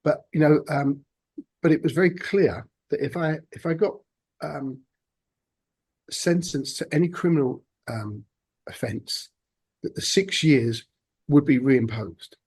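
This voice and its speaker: A man, a podcast guest telling his own story in a halting, reflective way. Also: fairly high pitch, darkish tone, slightly rough. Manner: halting, reflective, many restarts. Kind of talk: personal storytelling interview.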